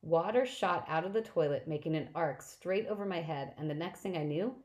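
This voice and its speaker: A woman reading a novel aloud in first person, plain and steady, with small slips. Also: lowish voice, brisk, poor audio. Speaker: audiobook reader.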